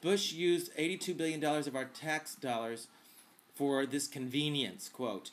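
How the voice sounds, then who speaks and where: A man's voice: on the high side, a little slow. Chatty, campy man hosting a vlog. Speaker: vlog host answering viewer questions. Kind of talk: casual Q&A vlog.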